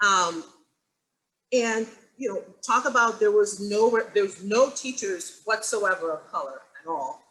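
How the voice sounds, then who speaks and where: A woman who teaches acting, moderating an online panel and telling stories with lively acted-out quotes. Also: medium pitch, unhurried, rough recording. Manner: animated storytelling, acts out quotes. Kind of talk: panel discussion on a video call.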